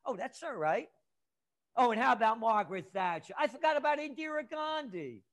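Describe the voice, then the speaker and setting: Man, very high pitch, angry profane rant, bursts of shouting, interview guest. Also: expressive, brisk. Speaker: guest trend forecaster.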